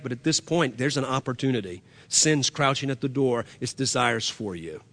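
A man's voice: mid-range voice, a bit bright. A man preaching a sermon as pastor, earnest, often repeating himself and restarting phrases. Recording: long hall reverb.

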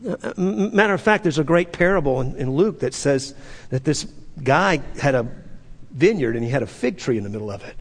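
A man's voice: a little high, animated, fairly quick, long reverb tail. A middle-aged man preaching a sermon, driving points home with repeated phrases and rhetorical questions. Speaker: pastor.

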